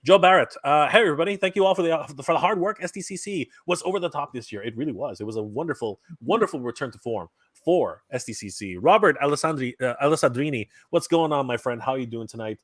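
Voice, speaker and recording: A Canadian man hosting a live stream in casual chat, reading out viewer comments and giving upbeat shout-outs. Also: on the high side, quick pace, no room sound.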